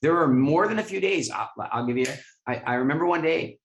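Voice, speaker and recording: Animated storytelling man in an echoey room. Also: on the high side, fairly quick, highs cut off, a little hiss or hum. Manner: animated, self-mocking, repeats words. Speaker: guest, business owner. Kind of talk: storytelling interview.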